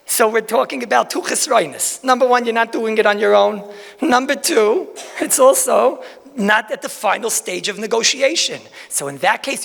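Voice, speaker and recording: Animated rabbi with a gravelly, high voice. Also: male voice, big-room sound. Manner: animated, folksy, with asides and rhetorical questions. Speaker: rabbi giving a Talmud lecture. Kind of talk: lecture to a crowd.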